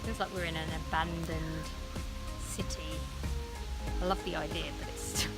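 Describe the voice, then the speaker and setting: A woman's voice: on the low side, little pitch movement, normal speed, loud music behind the voice. A woman travel vlogger chatting casually outdoors, thinking aloud with frequent ums. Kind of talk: casual travel vlog commentary.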